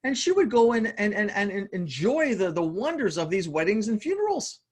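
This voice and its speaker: Energetic male motivational speaker, high voice, stumbles and repeats words, talks straight to "you guys" over a video call. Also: normal speed. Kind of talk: live online motivational talk.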